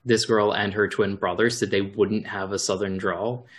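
A man's voice: fairly low pitch, steady tone, moderate pace. A man chatting casually as a podcast co-host, rambling with fillers. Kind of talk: casual chat.

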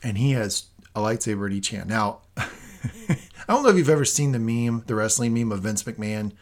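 A man co-hosting a casual review podcast, excitable and animated, swearing freely as he talks. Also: on the low side, moderate pace. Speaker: podcast co-host.

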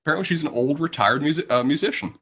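A man's voice: on the high side, lively intonation, rapid-fire, fairly bright tone, a little hiss or hum. Man telling a rambling story. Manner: rambling anecdotal delivery with restarts. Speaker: podcast co-host. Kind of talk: casual storytelling.

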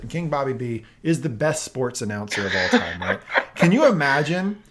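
A man co-hosting a casual recap podcast, telling scenes in an animated way with laughs and quick voice impressions. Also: mid-range voice. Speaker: podcast co-host.

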